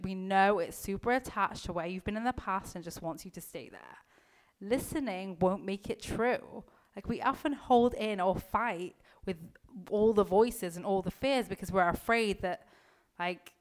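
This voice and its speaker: A woman mindset coach talks straight to her listeners in a loose, casual motivational style. She leans on fillers and drops the odd swear word. Her voice sits at a middling pitch. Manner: casual, heavy filler use, swears freely.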